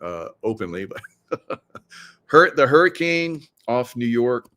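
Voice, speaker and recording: A middle-aged man hosts a casual livestream monologue, sounding conspiratorial as he speaks straight to viewers, asks them questions and laughs at his own jokes. His medium-pitched voice is sing-song, slow and sharp in tone.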